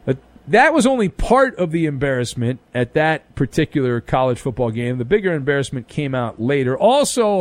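A man's voice: medium pitch, moderate pace, no echo. A man hosting an overnight sports talk radio show, delivering a punchy, wisecracking monologue full of jokes. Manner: wisecracking, animated, punchy delivery with jokes and pop-culture riffs. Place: radio studio.

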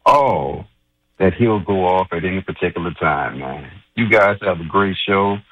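Indignant low-voiced male caller. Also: measured pace, no echo, phone-quality sound. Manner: indignant, mocking. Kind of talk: call-in rant.

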